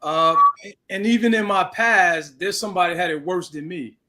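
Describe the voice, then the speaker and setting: A man's voice: high-pitched, moderate pace, bright, forceful tone. A man in casual chat, speaking reflectively and checking in with "right?" as he goes. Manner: reflective, tags lines with "right?".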